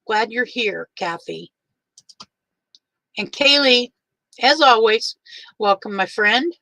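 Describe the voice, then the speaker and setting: Older woman, livestream host, teary, warm and chatty, bright higher voice. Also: lively intonation, takes it slowly, vocal fry, no echo, rough recording. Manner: warm, chatty, greets each viewer by name. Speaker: livestream host greeting viewers. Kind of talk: casual livestream chat.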